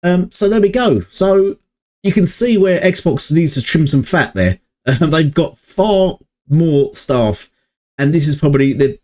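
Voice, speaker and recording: A man's voice: mid-range voice, darkish tone. Rambling man vlogging about games. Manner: rambling and hesitant, many fillers, chuckles between points. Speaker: gaming channel vlogger. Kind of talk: casual opinion vlog. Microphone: budget mic.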